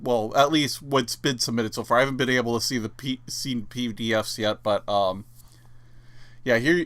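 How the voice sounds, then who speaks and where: Sarcastic man with a lively pitch. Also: dry recording. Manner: sarcastic, incredulous. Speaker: YouTuber. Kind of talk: mocking commentary while reading a document aloud.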